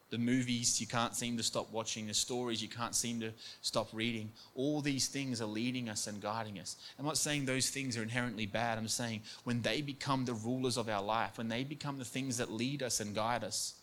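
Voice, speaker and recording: An earnest man preaches a sermon at an everyday mid pitch. He acts out quoted voices as he goes and repeats words for emphasis. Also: fairly bright tone. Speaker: pastor.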